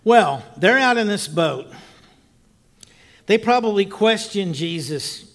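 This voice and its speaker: A man preaching, telling a personal story in a lively, animated way with loud bursts and quiet asides. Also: sits high, takes it slowly, pauses often. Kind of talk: storytelling sermon.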